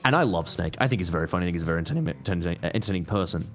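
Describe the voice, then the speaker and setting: A man's voice: deep voice, racing, faint music behind. Chatty guy guest, voice jumps up and down a lot, keeps restarting sentences. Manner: animated, rambling, many restarts and asides, swearing. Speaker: interview guest, YouTuber and voice actor. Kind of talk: casual chat.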